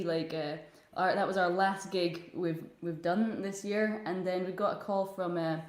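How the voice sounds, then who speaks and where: A woman's voice: on the low side, darkish tone, echoey room. A woman, a guest musician, chatting on a video call with fillers and frequent laughs. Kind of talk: casual chat over video call.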